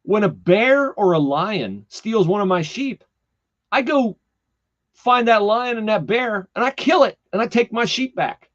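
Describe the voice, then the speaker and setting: A man's voice: high voice, a little slow, voice pushed up. A man doing a cocky young shepherd boy. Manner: excited, boastful, slangy. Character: cocky young male shepherd, fearless and eager. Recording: slightly dull lo-fi podcast audio.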